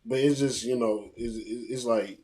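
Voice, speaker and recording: A man leading a class in a relaxed, casual way, often checking in with "you know what I'm saying.". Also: medium pitch, moderate pace, poor audio. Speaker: class leader.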